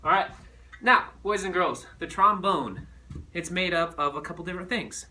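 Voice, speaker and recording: A man teaching a recorded music lesson to children, animated and playful as he demonstrates. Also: high-pitched, moderate pace, distant mic, a little hiss or hum.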